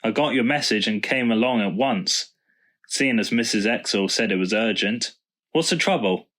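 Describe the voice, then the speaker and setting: A plain-spoken village sergeant who talks in a flat, matter-of-fact way, read by a male storyteller. He sounds unimpressed and a bit bored. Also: lowish voice, normal speed. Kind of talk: storybook reading.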